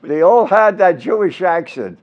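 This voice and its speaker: An elderly man in his nineties with a Brooklyn accent, reminiscing in an interview. He talks in an animated way and keeps breaking into comic bits. His voice sits a bit high, and the recording sounds dull and lo-fi. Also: measured pace. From Brooklyn, New York. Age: 90s. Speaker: interviewed performer. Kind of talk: casual interview with comic impressions.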